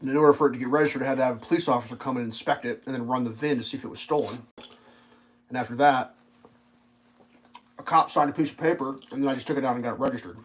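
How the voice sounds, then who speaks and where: A young adult man with a mid-range voice talks very fast on his livestream, casually rambling through profanity-laced stories and acting out other people's voices. The recording quality is low.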